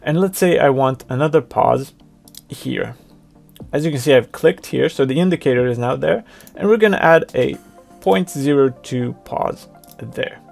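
Gravelly-voiced man explaining software. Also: medium pitch, moderate pace, soft background music. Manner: plain explanatory, talks through each click. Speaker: software tutorial presenter. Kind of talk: screen-recorded software walkthrough.

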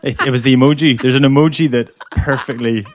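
A man co-hosting a podcast, speaking quietly with a wry, understated manner. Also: medium pitch, steady tone, quick pace, no room sound, studio quality. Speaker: podcast co-host. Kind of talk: casual chat.

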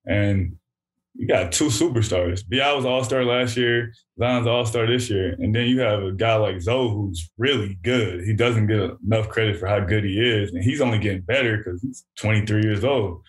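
A man's voice: lowish voice, moderate pace. A man in his thirties, a former pro basketball player, chatting easily as an interview guest and laughing often while he tells stories. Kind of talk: casual interview chat.

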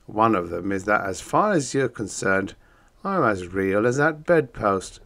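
Brief: wisecracking bug-eyed male monster, voiced by a male reader for an audiobook, breezy, matter-of-fact, lively lilt. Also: on the low side, measured pace, gravelly, heavily acted. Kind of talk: audiobook character voice.

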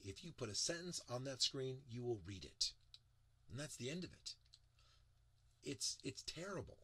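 A middle-aged man teaching presentation design in a lively lecture, acting out quotes in big voices. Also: mid-range voice, husky. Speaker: presentation instructor.

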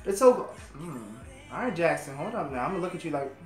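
Gushing, excitable man in an echoey room. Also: on the high side, quick pace, soft background music. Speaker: host of a music reaction channel. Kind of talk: reaction commentary.

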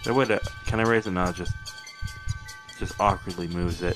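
Excitable young male game commentator. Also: low-pitched, normal speed, long pauses, over music. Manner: excitable, jokey, swears and mutters at the game. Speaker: gamer host. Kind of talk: casual gameplay commentary.

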